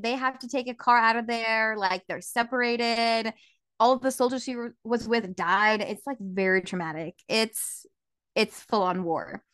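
Woman, podcast co-host, casual recap, slightly high voice, dry close mic, lots of "like". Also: no room sound. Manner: animated plot retelling, lots of filler "like". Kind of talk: casual book recap chat.

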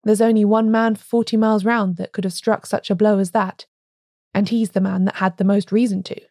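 A woman reading the part of an outspoken male village cobbler in an audiobook, speaking in a hoarse, respectful whisper. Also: medium pitch, flat delivery, fairly quick, dark tone, no room sound, clean studio sound, close to an everyday voice. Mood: blunt. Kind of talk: audiobook character voice.

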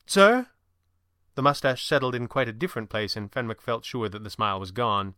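A man reading a story aloud in a measured, even manner. His voice is bright and crisp, close and dry on the mic. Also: lowish voice, no echo. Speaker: narrator. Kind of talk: audiobook narration.

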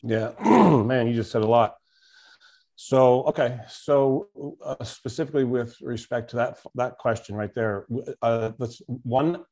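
A man's voice: medium pitch, dark tone. A man who is a coach in a conversational interview, speaking reflectively, telling stories and quoting mantras.

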